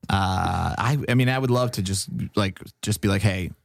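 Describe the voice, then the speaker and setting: A man's voice: fairly low pitch, a little slow, creaky, no echo. A man, a comedian guest on a casual podcast, rambling through a story and acting out the people in it.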